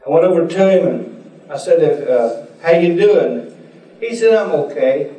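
High-voiced preacher in an echoey room. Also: male voice, animated, unhurried, dark tone. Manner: folksy storytelling, acts out voices of people in his stories. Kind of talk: sermon. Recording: echoey room, voice picked up from a distance.

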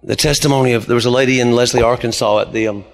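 A man's voice: mid-range voice, fairly even intonation, rapid-fire, creaky. A man, preaching a sermon as pastor and telling stories with rising emphasis. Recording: long hall reverb.

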